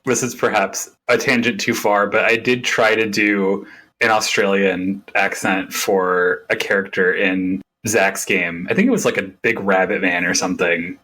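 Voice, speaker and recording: A man's voice: low-pitched, steady tone, a little slow, sharp tone, husky, rough recording. A man co-hosting a podcast, talking casually in a rambling, self-deprecating way and laughing often. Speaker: podcast co-host. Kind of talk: casual chat.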